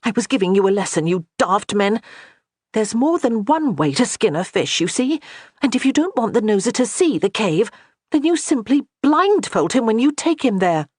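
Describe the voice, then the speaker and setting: A woman voicing an exasperated, strong-willed young noblewoman, scolding in a sharp raised voice. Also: on the high side, sing-song, moderate pace, no echo, clean studio sound, pitched above the performer's own voice. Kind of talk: audiobook character voice.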